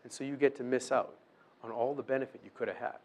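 A man's voice: medium pitch, steady tone, fast talker, a little mellow. A man preaching a conversational sermon, often checking in with his listeners and acting out short exchanges. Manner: acts out short dialogues with the accuser. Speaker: pastor.

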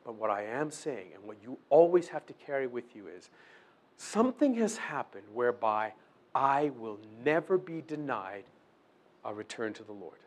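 A man's voice: mid-range voice, expressive, normal speed. A man preaching a conversational sermon, often checking in with his listeners and acting out short exchanges. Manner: acts out short dialogues with the accuser. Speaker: pastor.

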